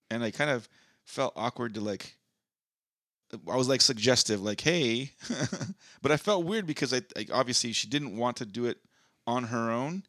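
A man co-hosting a casual podcast, talking bluntly and crudely in a relaxed way. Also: medium pitch, no room sound, studio quality. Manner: blunt, crude, laid-back. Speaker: podcast co-host.

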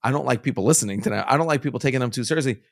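A man co-hosting a podcast in a relaxed, chatty way who restarts his sentences while working toward a point. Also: mid-range voice, racing, creaky, dry recording, clean studio sound. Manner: easygoing, hesitant restarts when making a point. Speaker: podcast co-host. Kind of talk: casual chat. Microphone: studio mic.

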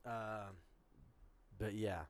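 A man's voice: lowish voice, flat delivery, drawn-out words, no echo. A young man co-hosting a podcast, chatting casually over beers and rambling, swearing and restarting whenever he loses his thread. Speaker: podcast co-host.

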